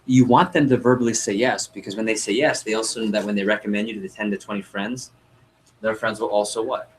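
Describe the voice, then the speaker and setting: A young man running a sales training workshop, coaching a group and acting out customer dialogue in an energetic way. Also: on the low side, quick pace, a little hiss or hum, rough recording. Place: meeting room with group.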